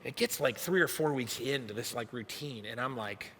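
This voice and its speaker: A young adult man, a youth pastor, preaching a sermon as an animated, self-mocking storyteller. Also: medium pitch, normal speed, in a large hall, a little hiss or hum. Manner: animated, self-mocking storyteller acting out his own past lines. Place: church hall.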